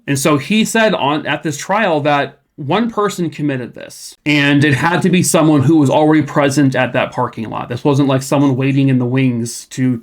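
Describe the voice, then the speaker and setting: Male true crime narrator, slightly high voice, casual and skeptical. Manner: conversational, uses fillers and asides, skeptical emphasis.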